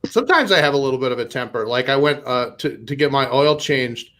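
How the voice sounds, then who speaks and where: A man's voice: medium pitch, expressive, fairly quick, a bit bright, a little hiss or hum. Rambling, self-mocking man doing stand-up. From Minnesota. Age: 40s. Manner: rambling, self-deprecating, with nervous laughs and many fillers. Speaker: stand-up comedian. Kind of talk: stand-up comedy set.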